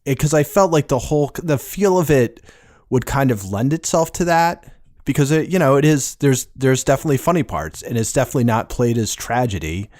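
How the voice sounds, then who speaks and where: A man co-hosting a podcast, talking in a hesitant, halting way with many restarts. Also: mid-range voice, expressive, darkish tone, dry recording, clean studio sound. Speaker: podcast co-host. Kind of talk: casual podcast review chat.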